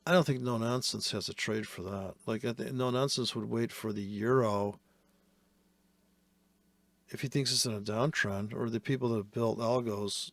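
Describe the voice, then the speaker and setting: A man's voice: medium pitch, steady tone, moderate pace, no echo. A man giving casual, profane and sarcastic commentary while trading live.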